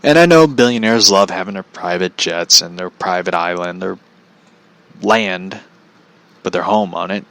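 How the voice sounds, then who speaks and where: A man's voice: deep voice, normal speed, a bit bright, rough recording. A man ranting bluntly in a casual commentary vlog, swearing freely and often laughing at his own points. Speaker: vlogger.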